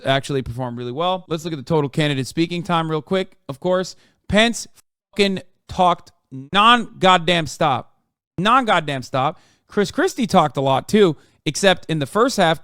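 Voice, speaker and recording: A man's voice: fairly high pitch, a bit bright, clear, resonant tone, dry recording, clean studio sound. A man in his thirties streaming casual, profane commentary on a political debate, sarcastic and mocking. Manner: sarcastic, swears a lot, mocks in put-on voices.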